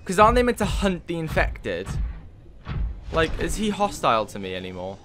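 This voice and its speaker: A man's voice: fairly high pitch, huge pitch swings, moderate pace, music in the background. Chatty man thinking aloud while gaming. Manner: chatty, thinks aloud with many fillers, swears when moved. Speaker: let's play gamer. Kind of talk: casual gameplay commentary.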